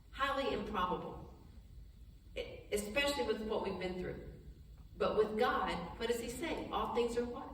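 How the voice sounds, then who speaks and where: A woman with a somewhat high voice reads scripture during a Bible study and pauses to explain it in plain, chatty words. She restarts, laughs briefly, and turns soft and slow in prayer, captured from far off in an echoey hall with slight background noise.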